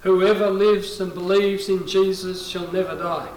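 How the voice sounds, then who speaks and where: A man's voice: sits high, level tone, measured pace, a little mellow, slight background noise. A male pastor preaching a sermon, reading scripture aloud and voicing quoted lines with dramatic rises in force. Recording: roomy echo, voice from a distance.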